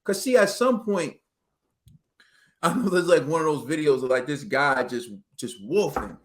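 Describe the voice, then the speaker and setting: Man, casual boxing talk, slangy and animated, slightly high voice. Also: normal speed. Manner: animated, slangy storytelling with acted quotes. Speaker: boxing show co-host.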